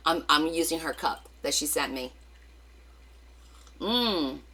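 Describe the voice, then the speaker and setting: A woman's voice: low-pitched, expressive, very slow, sharp tone, slightly rough. A middle-aged woman with a New Jersey accent, hosting a craft livestream, chatting casually and greeting viewers by name with rambling asides.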